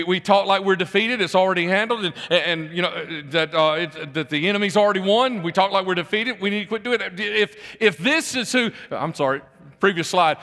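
A man delivers a sermon in a high, bright voice. He talks conversationally, circles back over his phrases and keeps putting questions to his listeners. His voice carries a long reverb, as in a large hall. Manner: conversational, repeats phrases, asks the congregation questions. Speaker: preacher.

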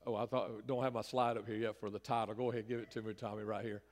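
A middle-aged male pastor delivers a folksy, conversational sermon that swells into emphatic bursts. His voice is lowish, his tone level, and his pace quick. It's recorded in a church sanctuary with the reverberant sound of a church hall.

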